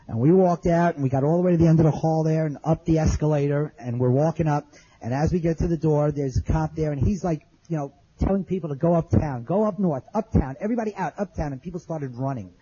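A man's voice: a little high, fast, dark tone, slightly rough, highs cut off. A man telling an audience his survival story in plain, earnest words, repeating phrases as he remembers. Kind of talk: spoken testimony to an audience.

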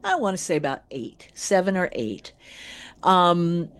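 A woman co-hosting a radio show, telling anecdotes in a lively, animated way. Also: lowish voice, unhurried. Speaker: radio co-host. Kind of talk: casual radio chat.

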